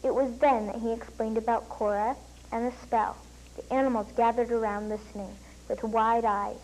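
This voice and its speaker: A woman's voice: on the high side, little pitch movement, normal speed, a little mellow, slight background noise, low-quality recording. Girl reading her story aloud.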